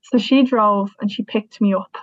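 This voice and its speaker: A woman's voice: mid-range voice, moderate pace, fairly bright tone, dry recording. A woman in her thirties with an Irish accent, telling a personal story in an earnest, emotional way with frequent restarts. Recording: tinny, dry phone-like sound.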